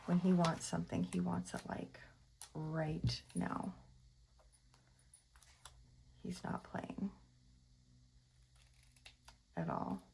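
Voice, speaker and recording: Chatty woman with a gravelly edge. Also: on the low side, sing-song, takes it slowly, pauses often, mellow, a little hiss or hum, rough recording. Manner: rambling, half-whispered asides, coos baby talk at her cat. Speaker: planner vlogger. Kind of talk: casual chatty voice-over while crafting.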